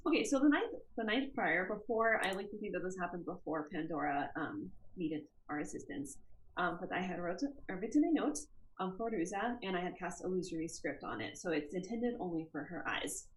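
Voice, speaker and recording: A woman's voice: fairly low pitch, expressive, normal speed, roomy sound, low-quality recording. A woman playing a tabletop game in casual chat, giggly and hesitant with fillers. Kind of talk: casual role-play chat.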